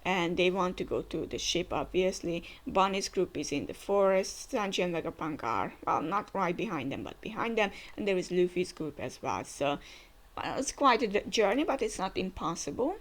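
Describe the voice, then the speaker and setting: A woman's voice: lowish voice, expressive, moderate pace. A woman giving casual reaction commentary while reading a comic aloud, thinking aloud with frequent hmms.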